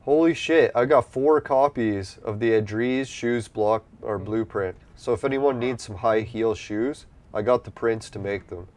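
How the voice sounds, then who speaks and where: A gameplay streamer with a fairly low, slightly mellow voice talks a little slowly and barely pauses. He rambles casually while playing an online game, swearing freely in an easygoing way, his nose a bit stuffy from allergies.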